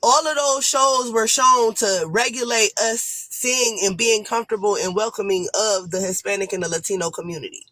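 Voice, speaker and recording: A woman's voice: mid-range voice, moderate pace, hardly any pauses, bright, forceful tone, dry recording. A woman with an African American accent giving a blunt, profane, rambling rant as a guest on a live stream panel. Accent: African American English.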